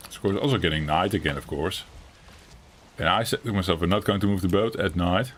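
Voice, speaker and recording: A man's voice: sits low, fairly quick, fairly bright tone, slight background noise. A tired, yawning man giving casual commentary while streaming a game from home, rambling and laughing often. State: sleepy, yawning.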